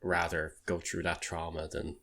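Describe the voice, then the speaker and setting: A man's voice: low voice, monotone, normal speed, a crowd in the background. A man co-hosting a podcast, telling jokes in a loose, laughing way. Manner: jokey storyteller, breaks into laughter. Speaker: podcast co-host. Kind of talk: casual podcast chat.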